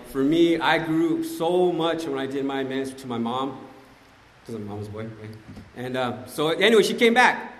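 A man giving a personal recovery testimony to a group, telling his story in an animated, slangy way and often addressing the listeners directly. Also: mid-range voice, a little hiss or hum. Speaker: speaker sharing at a recovery meeting. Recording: echoey hall with long reverb.

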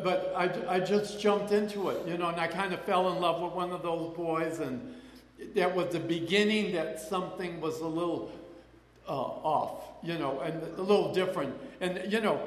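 An older man with a somewhat high voice, speaking at normal speed, shares a rambling recovery testimony, circling back with many restarts and acting out remembered voices. It's recorded in an echoey hall, with a long reverb trailing each phrase.

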